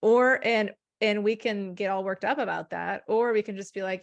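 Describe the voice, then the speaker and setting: A woman guest, a hypnotherapist, telling spiritual stories in a rambling, animated conversational way. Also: medium pitch, normal speed, vocal fry. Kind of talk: casual conversation.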